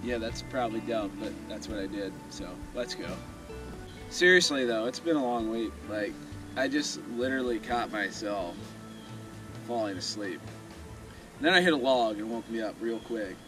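A fishing vlogger with a lowish, animated voice talks at a moderate pace while filming himself kayak fishing on a river, near a sandbar. He chats to the camera in a laid-back, rambling, self-deprecating way. The outdoor recording carries noticeable river noise, water and outdoor ambience, plus background music.

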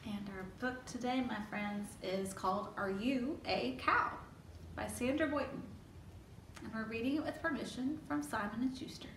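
Lady librarian doing storytime for little kids, high voice, kinda roomy and distant sound. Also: normal speed, a little hiss or hum. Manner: coaxing, asks children questions. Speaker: children's librarian. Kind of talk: toddler storytime. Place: library room. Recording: echoey room, mic set back.

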